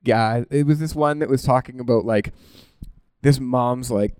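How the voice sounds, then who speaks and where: A man preaching a conversational sermon in an animated, informal way, often breaking off mid-thought and laughing at himself. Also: medium pitch, moderate pace, clean tone, no room sound.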